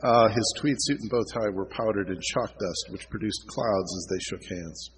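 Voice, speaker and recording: A man's voice: lowish voice, normal speed, a little hiss or hum, low-quality recording. A man reading aloud from his own novel at a convention, with small slips and restarts. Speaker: author reading his book.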